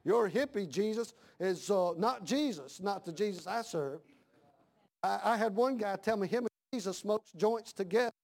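High-voiced preaching man, fiery sermon. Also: lively intonation, normal speed, creaky. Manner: preaching with rising shouted emphasis and repeated lines. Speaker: pastor. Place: church.

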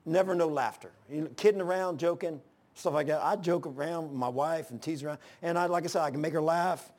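An older man pastor giving an informal sermon, telling folksy stories with loud exclamations and chuckles. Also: a little high, brisk.

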